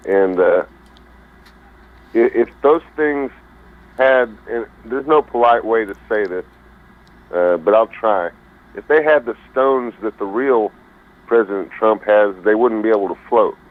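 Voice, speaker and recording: A man calling in to a radio talk show, rambling in a folksy way and pausing to search for his words. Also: lowish voice. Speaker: caller. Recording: phone-line call.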